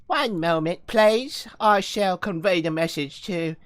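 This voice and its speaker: Male streamer as young housemaid, higher voice, prim and proper. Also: animated, a little slow. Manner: prim, apologetic and courteous. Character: polite young English housemaid woman.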